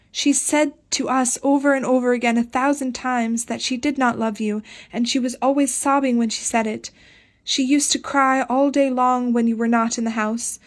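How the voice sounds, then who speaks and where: Woman reading as an older sister, tearful and trembly, pitched up a little and loud. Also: close to an everyday voice. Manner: impetuous, trembling. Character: eldest sister, impetuous then tearful young woman.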